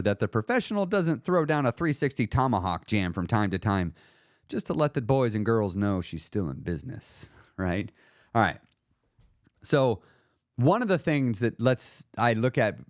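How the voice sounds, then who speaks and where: Male podcast host, lively emphatic delivery, dry close-mic sound. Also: mid-range voice, dry recording. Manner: animated, emphatic, acts out quoted voices. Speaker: podcast host and weight loss coach. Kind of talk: solo podcast monologue.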